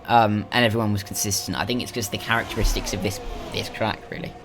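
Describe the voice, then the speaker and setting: A young man doing casual commentary on a sim racing stream, measured and hedging, often saying 'to be fair'. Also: lowish voice, flat delivery, background noise. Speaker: race commentator.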